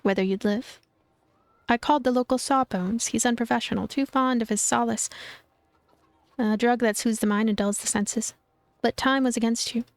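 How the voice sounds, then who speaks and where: A woman's voice: fairly high pitch, steady tone, normal speed, no echo, natural voice. A woman reading as a kindly male priest. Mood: gentle. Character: kindly middle-aged male street priest.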